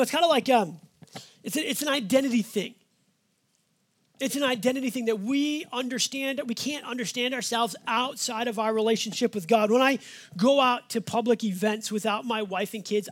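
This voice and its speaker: A man with a very high, husky voice preaches in a relaxed, folksy manner; he's a pastor with five children. He deliberately slows down to underline the scripture passages he reads.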